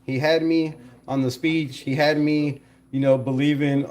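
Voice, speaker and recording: A man hosting a casual live stream, animated, laughing often and talking to his chat. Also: a little high, measured pace, hardly any pauses.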